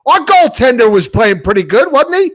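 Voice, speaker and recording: A man's voice: very high voice, very animated, moderate pace, a bit bright, dry recording. A man with a New York accent, co-hosting a casual sports podcast and ranting sarcastically. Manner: sarcastic ranting, laughs often. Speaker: podcast co-host.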